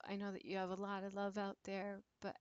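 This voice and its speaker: A woman's voice: medium pitch, monotone, fairly quick, dull audio, background noise. A woman chatting casually in a vlog, rambling and a bit nervous, with lots of fillers and restarts. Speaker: YouTube creator doing a tag video. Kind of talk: casual chat.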